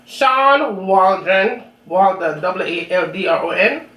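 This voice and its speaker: A Jamaican woman with a strong accent chats casually with viewers between bites as she eats on her cooking channel. Her medium-pitched voice is slow and fairly bright. The recording has a roomy echo, a distant mic, and faint room noise.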